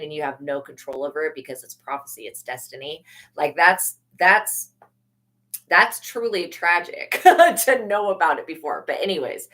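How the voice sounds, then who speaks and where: A woman's voice: low voice, a bit bright, rough recording. A woman giving a rambling, chatty live-stream tarot reading, with many restarts, followed by a spoken prayer. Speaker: tarot reader.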